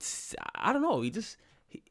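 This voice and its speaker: A man's voice: high-pitched, moderate pace, creaky. A British man in his twenties with a British accent, giving casual, incredulous reaction commentary. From Britain. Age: 20s. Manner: animated, incredulous, laughing. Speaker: reaction video host.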